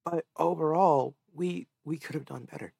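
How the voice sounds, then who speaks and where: Earnest young man, stuffy gravelly voice. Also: on the high side, moderate pace, darkish tone, no room sound, clean studio sound. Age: 20s. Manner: earnest, emotional, reflective. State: sniffly, stuffed-up from crying. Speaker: podcast co-host. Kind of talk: casual chat.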